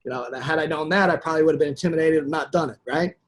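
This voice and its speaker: A man's voice: a little high, very fast. A man telling a long sales anecdote in a webinar, animatedly acting out what each person said. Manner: animated anecdotal storytelling, acting out quoted dialogue. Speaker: sales trainer. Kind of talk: webinar storytelling.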